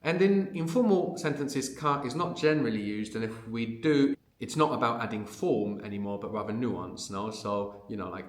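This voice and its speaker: A man's voice: mid-range voice, animated, moderate pace, few pauses, roomy sound. A man teaching a language lesson. He explains patiently and often checks in with a questioning "no?".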